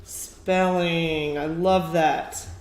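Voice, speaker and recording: A woman's voice: low-pitched, steady tone, very slow, darkish tone. A woman teacher giving a one-on-one beginning reading lesson, patient and encouraging, with lots of praise. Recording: echoey room with faint noise.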